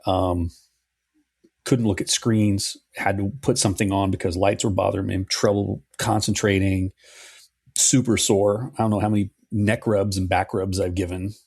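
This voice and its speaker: A middle-aged man with a lowish voice and a husky edge talks through a story at easy length. The sound is dry and close, with no room around it. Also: moderate pace, no room sound. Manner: relaxed storytelling, swears freely. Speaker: podcast co-host. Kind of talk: casual podcast chat.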